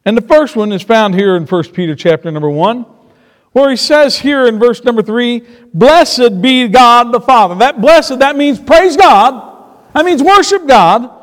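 A man preaching a sermon, shifting between quiet storytelling and emphatic points. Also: very high-pitched, animated, a little slow. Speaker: pastor. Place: church sanctuary. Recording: long reverb of a church hall.

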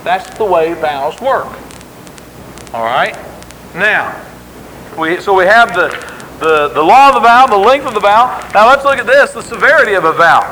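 A man's voice: high-pitched, animated, moderate pace, pauses often, pushed and bright, a little hiss or hum, poor audio. A man preaching a sermon in an emphatic, conversational way, acting out the quotes he tells.

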